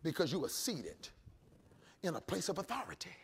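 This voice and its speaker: Male pastor, lively swooping preaching, calls for responses. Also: a little high, normal speed, vocal fry, slightly rough. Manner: preaching with shouts and call-and-response. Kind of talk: sermon.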